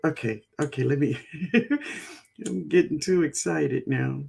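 A woman's voice: sits low, slow, vocal fry, darkish tone, husky. A woman hosting a gardening live stream, chatting casually and greeting viewers by name.

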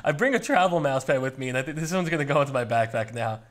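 A male channel host chatting casually while unboxing fan mail, excitable and rambling with plenty of jokes. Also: mid-range voice, rapid-fire.

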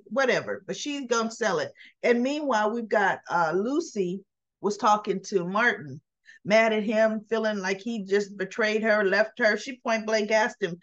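A woman's voice: mid-range voice, moderate pace, fairly bright tone, dull audio. A woman chatting casually as she recaps soap opera scenes, retelling dialogue and tossing in her own asides.

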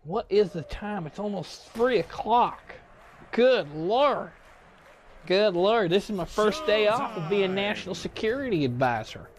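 A man's voice: high voice, expressive, unhurried, slight background noise. A man impersonating a touchy, self-assured older male statesman, rambling through comedic gaming commentary in character. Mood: chatty. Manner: rambling, muttering to himself while picking cards.

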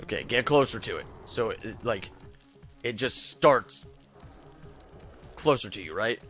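A man's voice: lowish voice, lively intonation, measured pace, a bit bright, soft background music. A young man giving frustrated let's play commentary, swearing a lot and muttering to himself as he plays. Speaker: gaming YouTuber.

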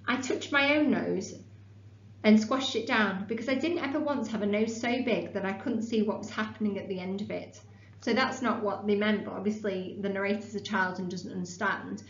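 A woman teacher reading a children's novel aloud to a class in a classroom, stopping briefly to explain it. Her reading is steady. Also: mid-range voice, moderate pace, slight background noise. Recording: roomy room, dull lo-fi sound.

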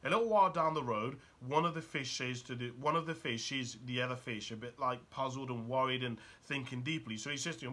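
A man's voice: mid-range voice, a little fast, hardly any pauses, pushed and bright. A man giving a motivational talk. He speaks urgently and keeps asking the listener probing rhetorical questions.

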